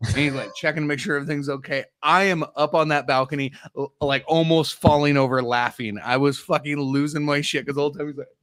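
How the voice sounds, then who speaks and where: Animated middle-aged man telling a story. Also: on the high side, fast talker, no echo, clean studio sound. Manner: animated, laughing, swearing storyteller. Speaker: podcast co-host. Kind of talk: casual storytelling on a live stream.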